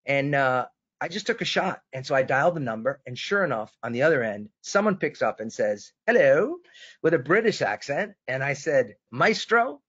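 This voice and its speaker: A man's voice: mid-range voice, big pitch swings, brisk, a bit bright, slightly rough. A man from Boston presenting a sales webinar, telling a story with enthusiasm and turning to his co-host by name. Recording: dull lo-fi webinar audio.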